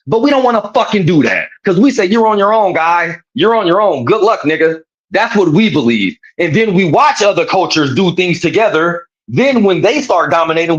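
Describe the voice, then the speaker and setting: A man delivering an impassioned, profane rant in an animated, preachy way. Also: fairly high pitch, husky, muffled recording.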